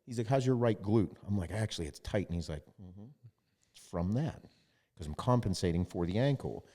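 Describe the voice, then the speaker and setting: A man's voice: fairly low pitch, animated, fairly quick, warm tone, in a large hall. A man hosting a podcast, telling a story in casual chat and quoting others, with lots of swearing. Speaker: podcast host.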